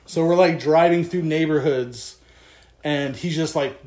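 Unhurried and on the high side, a young podcast co-host recounts a story in casual chat. He gets animated, swears, and performs the quotes in character, with the room adding echo.

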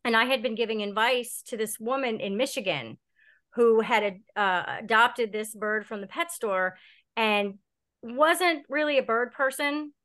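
A woman's voice: a little high, a little slow, fairly bright tone. A woman chatting as a podcast guest, telling long stories in a chatty way. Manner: chatty storyteller. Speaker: podcast guest, bird owner. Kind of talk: casual podcast chat.

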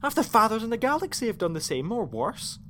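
A man's voice: high-pitched, very animated, quick pace, a bit bright, slight background noise. An actor playing a shaken young male spaceship crew member who sounds distraught and defiant.

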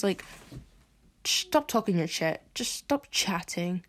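Medium in pitch and moderate in pace, her voice carries vocal fry. The young woman is a podcast host ranting in frustration, swearing throughout a venting monologue.

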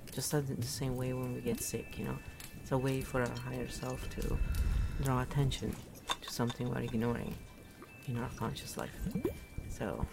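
Very low, gravelly-voiced woman. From Italy. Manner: chatty, rambling, laughs at her own jokes. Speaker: podcast host. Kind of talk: casual spiritual talk.

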